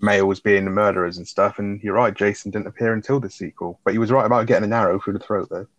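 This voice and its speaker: Fast-talking man, muffled recording. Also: on the low side. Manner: swears freely, animated retelling of scenes. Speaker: film review podcast co-host. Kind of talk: casual chat.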